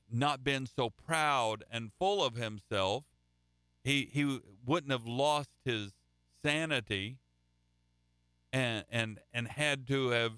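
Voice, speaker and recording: A man's voice: medium pitch, sharp tone, clean tone, no room sound, clean studio sound. A man preaching a sermon in a conversational way, reading scripture and then telling folksy stories, often restarting his phrases.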